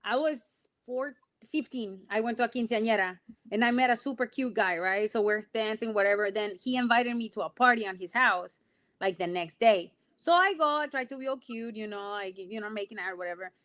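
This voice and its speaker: A woman's voice: a little high, brisk, fairly bright tone. A woman co-hosting a podcast, chatting casually in a teasing way and switching between English and Spanish. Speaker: podcast co-host. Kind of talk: casual chat.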